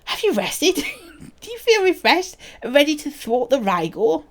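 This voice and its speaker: A woman's voice: on the low side, huge pitch swings, normal speed. A woman voicing a formal fantasy enchanter who gives quests.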